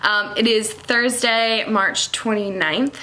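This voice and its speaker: A woman's voice: fairly high pitch, slow pace, bright, forceful tone. A young woman and mother filming a casual vlog in her dining room, rambling with lots of ums and little laughs. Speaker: vlogger and mother. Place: home dining room, indoors.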